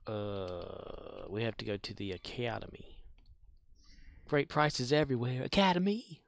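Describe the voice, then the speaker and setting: A man's voice: lowish voice, animated, vocal fry. A man chatting casually and goofily on a gaming livestream, joking and singing nonsense. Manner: slow, goofy, sings and jokes. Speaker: streamer.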